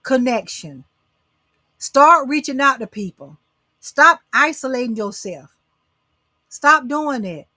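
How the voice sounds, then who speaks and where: Middle-aged woman host, bright, dry close sound, preachy and coaxing with her audience. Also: high-pitched, expressive, slow pace, long pauses, dry recording. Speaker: talk show host. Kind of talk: casual motivational talk to live viewers.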